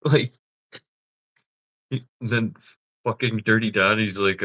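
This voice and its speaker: A man's voice: medium pitch, lively intonation, extremely slow, long pauses, a bit bright, no echo, poor audio. A man chatting casually on a livestream, often swearing, laughing and teasing. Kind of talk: casual live-stream chat.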